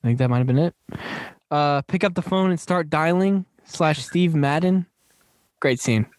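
A man with a fairly high voice chats casually about a favorite film, laughing often and repeating his phrases. The sound is dry and close, with no room echo. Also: moderate pace. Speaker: podcast host. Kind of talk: casual movie chat.

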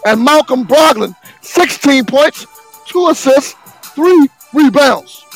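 A man, the show's sports segment host, reading basketball scores and stats in a slow, sing-song way with sudden shouted bursts. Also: very high-pitched, lively intonation, soft background music, low-quality recording.

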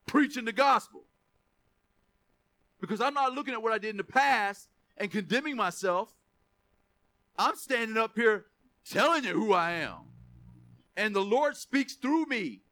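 A man preaching a sermon with passion, moving between quiet, chatty asides and raised, driving declarations. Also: sits high.

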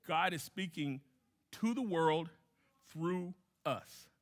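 A man's voice: on the high side, expressive, slow pace. A man preaching a sermon as a guest pastor, emphatic, repeating key phrases and putting questions to the congregation.

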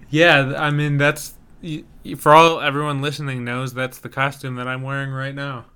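A young man co-hosts a casual chat, joking at his own expense. His voice is bright and forceful, with a smooth, resonant clarity to every word. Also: mid-range voice, little pitch movement, measured pace, long pauses. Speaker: podcast co-host.

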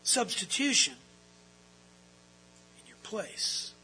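Guy preaching, high bright voice, gets loud and stretches words out, little hum behind. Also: big pitch swings, slow pace, low-quality recording. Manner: emphatic, swings from quiet to loud and drawn out. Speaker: pastor. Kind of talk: sermon.

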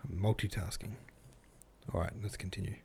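A man with a low, mellow voice reads a classic novel aloud for his podcast, standing at his desk microphone. He breaks off now and then for relaxed, chatty asides while he stretches. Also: moderate pace, gravelly, slightly rough. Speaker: podcast host and audiobook reader. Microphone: desk microphone set at standing height.

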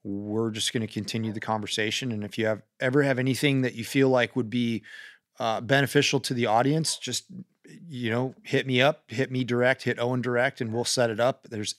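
A man hosting a podcast, wrapping up an interview in a halting, filler-filled way. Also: medium pitch, fairly even intonation, no echo, clean studio sound. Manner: halting, many fillers and restarts. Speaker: podcast host. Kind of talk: casual interview wrap-up.

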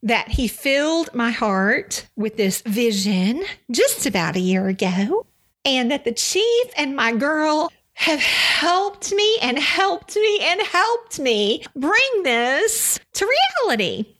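Texan lady doing a faith podcast, teary and sniffly, high voice that swoops all over, takes her time. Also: very animated, slow, a bit bright. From Texas. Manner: emotional, tearful and effusive. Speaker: podcast host. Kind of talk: Christian devotional podcast. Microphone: studio microphone, seated.

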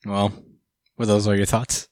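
A man's voice: on the low side, level tone, unhurried, a little mellow, no room sound. Laid-back swearing guy in casual chat. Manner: laid-back, swears, laughs often, acts out quotes. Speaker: podcast co-host. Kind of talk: casual chat recapping a manga chapter.

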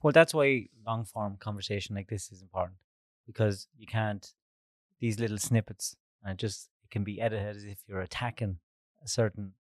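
A man's voice: lowish voice, normal speed, no room sound. An Irish man hosting an interview, bantering and teasing his guest. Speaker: podcast host. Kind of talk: casual interview chat.

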